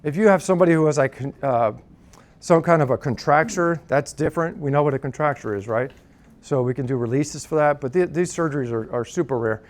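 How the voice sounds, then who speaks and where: A man lectures to a class in a loose, conversational way, checking in constantly with "right?" and "okay?". His voice sits a bit high, and he drops dry jokes as asides. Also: brisk.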